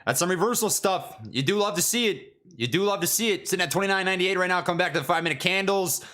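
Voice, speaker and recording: A young man chatting casually on his stock trading livestream, excitable, jokey and full of slang. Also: high voice, quick pace.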